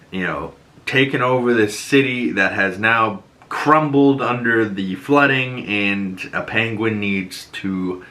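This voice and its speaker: A man's voice: mid-range voice, pushed and bright. A man with a Boston accent hosting a podcast, talking in a loose, rambling, casual way with lots of fillers. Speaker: podcast host. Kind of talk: casual commentary.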